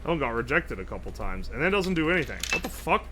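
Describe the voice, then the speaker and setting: A young man live-streaming, chatting casually and thinking aloud while he tinkers, excitable and swearing a lot. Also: medium pitch, fast talker, a little hiss or hum.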